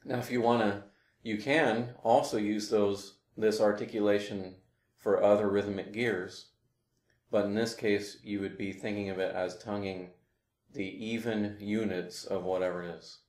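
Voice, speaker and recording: A man with a deep, low-pitched voice gives a relaxed clarinet lesson and talks through each point with plenty of ums. The room around him adds a noticeable echo. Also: unhurried. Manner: relaxed, explains with fillers and demonstrations. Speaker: clarinet teacher. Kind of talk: casual instructional talk. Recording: roomy echo.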